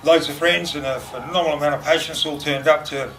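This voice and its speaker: A man giving a memorial speech, telling fond stories in a halting way and laughing often, recorded from a distance in a noisy room. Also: on the high side, steady tone, a bit bright. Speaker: eulogy speaker.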